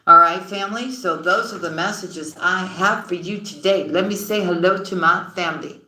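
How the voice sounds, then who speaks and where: A woman's voice: lowish voice, moderate pace, hardly any pauses, sharp tone, echoey room, rough recording. A woman giving a tarot reading, chatty and affectionate, calling her viewers sweetheart and honey. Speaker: tarot reader. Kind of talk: tarot reading and livestream shout-outs.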